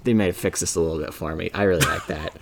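A man co-hosting a casual film discussion, chatty and quick to laugh. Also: sits low, creaky, slight background noise. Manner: chatty, laughs often, acts out quotes. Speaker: podcast co-host.

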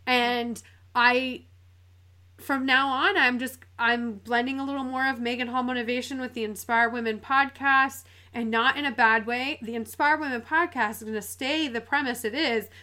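A woman's voice: fairly high pitch, fairly even intonation, normal speed, sharp tone. A woman hosting a podcast, speaking earnestly and enthusiastically in a casual chat. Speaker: podcast host.

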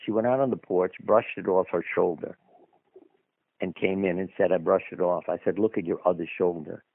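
A man's voice: sits low, fairly even intonation, normal speed, no echo. A man being interviewed as a guest author, telling anecdotes in a conversational, rambling way with asides. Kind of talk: anecdotal storytelling in a radio interview. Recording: dry phone-line audio.

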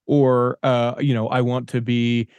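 A man's voice: mid-range voice, little pitch movement, a little slow, a little mellow, smooth, no echo. A man hosting a podcast, posing long questions full of "you know" and "sort of" asides. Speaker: podcast host. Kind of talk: conversational podcast interview.

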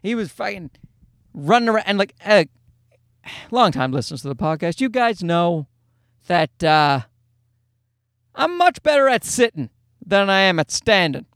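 A man's voice: high-pitched, very animated, a little slow, pauses often, a bit bright, dry recording, studio quality. A male podcast host and stand-up comedian telling a rambling, profane, self-deprecating comic story.

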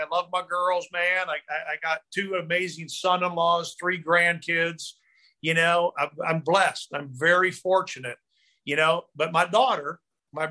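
An older man from Tennessee talks with high, bright energy, rushing through stories and doubling up words as he drives home his point. His voice sits above the usual male range. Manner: energetic, repeats words, storytelling. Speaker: guest speaker. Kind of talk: motivational video-call talk.

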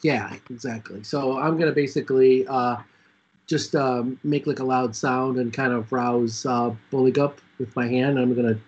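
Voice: medium pitch, fairly even intonation, moderate pace, a little mellow, slightly rough, highs cut off. A player explaining their plan casually at a tabletop game, with many fillers.

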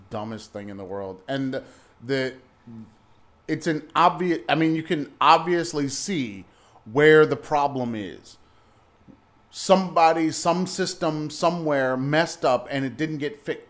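A man's voice: fairly high pitch, a little slow. A man co-hosting a podcast in casual chat, ranting in exasperation and often repeating his words. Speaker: podcast co-host.

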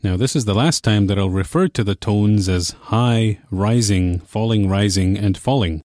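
A young man hosting a language course, explaining in a clear, measured teacher's manner. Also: lowish voice, a little mellow, no echo, clean studio sound. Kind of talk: scripted lesson narration.

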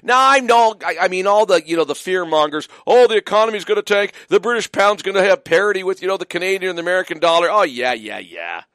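Male radio host, high and lively voice, emphatic and mocking, dry studio sound. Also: dry recording. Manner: emphatic, mocking, many fillers. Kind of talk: opinionated radio monologue.

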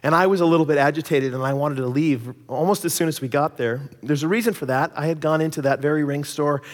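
Animated man preaching in a reverberant church. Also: on the high side. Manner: animated storytelling, acts out quoted voices. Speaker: pastor. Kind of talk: sermon with personal story.

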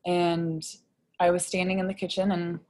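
A woman's voice: fairly low pitch, little pitch movement, a little mellow. A woman in her thirties, a podcast guest, telling an emotional personal story with frequent "like" fillers. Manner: frequent "like" fillers, rushed retelling.

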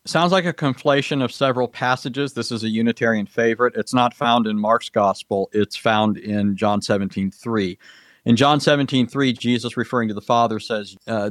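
A man's voice: mid-range voice, fairly even intonation, moderate pace, dry recording. A man answering questions in a formal debate, precise and lecturing, citing verses and Greek grammar. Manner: precise, lecturing, cites scripture references.

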